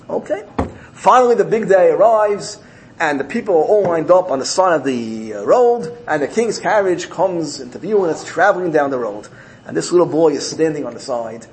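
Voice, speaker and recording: A man giving a sermon through animated storytelling, repeating key phrases for emphasis. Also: on the high side, slight background noise, rough recording. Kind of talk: sermon built on told parables.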